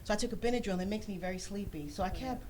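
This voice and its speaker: Woman guest, expressive storyteller with a churchy turn of phrase, medium voice, a faint hiss behind her. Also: medium pitch, racing. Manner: animated storyteller, acts out quoted voices. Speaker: talk show guest. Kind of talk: personal testimony.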